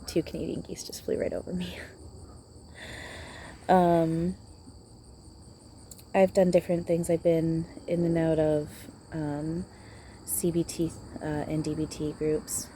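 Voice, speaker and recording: A woman's voice: low voice, little pitch movement, slow, long pauses, mellow, slight background noise. A woman talking outdoors in a channeling vlog, hesitant and reassuring, often repeating herself. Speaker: spiritual channeler.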